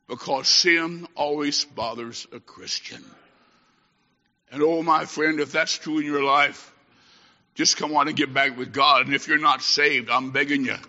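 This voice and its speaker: A man preaching a sermon, swinging from shouted exhortation to hushed storytelling as a traveling preacher. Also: a little high. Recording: echoey hall, dull lo-fi sound.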